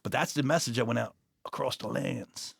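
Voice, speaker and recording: Man, New York accent, gravelly voice, dry close sound, blunt profane storyteller. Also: medium pitch, normal speed, no echo. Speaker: guest, police officer. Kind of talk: animated storytelling interview.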